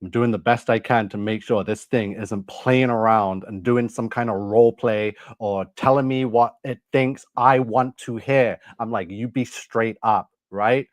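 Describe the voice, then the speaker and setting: A man's voice: lowish voice, dry recording, studio quality. A man hosting a religious commentary video, talking in an intense, emphatic, insistent way. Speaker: online video host.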